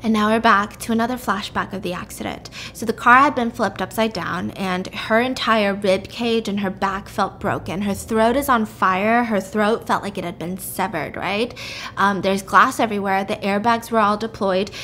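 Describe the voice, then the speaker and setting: A woman's voice: mid-range voice, fairly even intonation, moderate pace, bright, forceful tone, a little hiss or hum. A woman podcast host retelling a story in casual chat, peppering it with "like" and "freaking". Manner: chatty, lots of "like" and "freaking".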